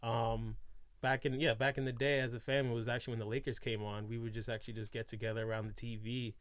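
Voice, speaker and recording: A young man from Boston co-hosting a relaxed podcast, with a mid-range voice. He rambles and leans on fillers as he talks. The recording is close and dry. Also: medium pitch, fast, no echo. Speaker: podcast co-host. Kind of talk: casual chat.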